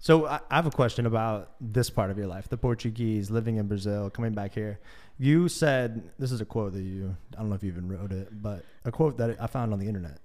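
A man's voice: on the low side, brisk, darkish tone. A man hosting a casual interview, asking easygoing follow-up questions and joking along. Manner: easygoing, asks follow-ups, jokes with the guest. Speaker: podcast host.

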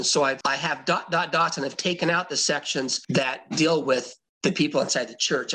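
A man's voice: on the high side, a bit bright, slightly rough, low-quality recording. A man teaching a Bible passage to a congregation, conversational and emphatic, reading verses aloud and explaining them. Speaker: pastor teaching scripture.

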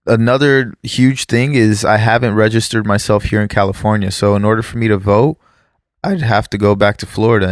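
A man's voice: on the low side, no room sound, clean studio sound. A man who immigrated to the US, chatting casually and rambling, correcting himself and swearing offhand. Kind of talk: casual podcast chat.

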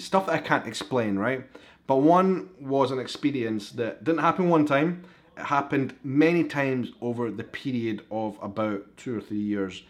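A man's voice: mid-range voice, measured pace, faint music behind. A man from Scotland with an Edinburgh accent, hosting his podcast and telling a personal story in a casual, chatty way. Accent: Scottish, Edinburgh. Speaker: podcast host.

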